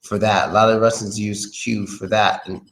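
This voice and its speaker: A man's voice: fairly low pitch, little pitch movement, moderate pace, creaky, fairly bright tone, poor audio. An American man giving a casual, chatty English pronunciation lesson, often repeating his phrases. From United States. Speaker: English teacher. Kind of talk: casual live-stream lesson.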